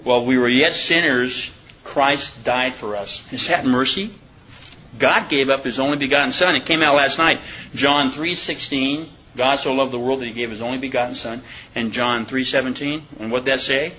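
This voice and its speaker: A man leads an informal Bible study in a bright, clear voice. He reads scripture slowly and deliberately, then breaks off to question his listeners. The recording is dull and lo-fi, with a faint hiss underneath. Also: mid-range voice. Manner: conversational, asks the listeners questions. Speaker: preacher.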